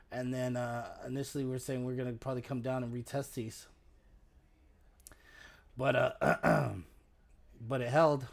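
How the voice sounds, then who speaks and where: Hoarse male market-stream host with a gravelly, mellow voice; halting delivery, full of fillers and throat clearing. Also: mid-range voice. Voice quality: raspy. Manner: halting, with many fillers and restarts. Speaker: stock market livestream host. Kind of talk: casual market commentary.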